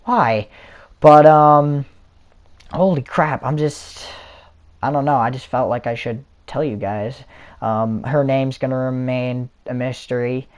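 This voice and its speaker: A man's voice: medium pitch, fairly even intonation, a little slow, darkish tone. A young man casually telling a story in a vlog, rambling with lots of fillers and restarts. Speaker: vlogger. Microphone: console or headset mic.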